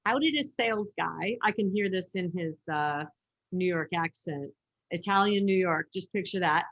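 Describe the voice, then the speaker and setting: A woman's voice: on the low side, moderate pace, fairly bright tone, lo-fi sound. A female podcast host leading a live online session. She greets attendees by name and reads their questions to the guest in an affirming, encouraging way. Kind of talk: hosting an online Q&A.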